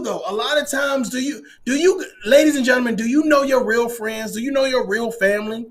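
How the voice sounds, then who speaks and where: Brief: forties male podcast host, fired-up profane monologue, higher register. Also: fairly quick, hardly any pauses. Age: 40s. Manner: emphatic, profane, animated rant. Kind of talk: casual monologue.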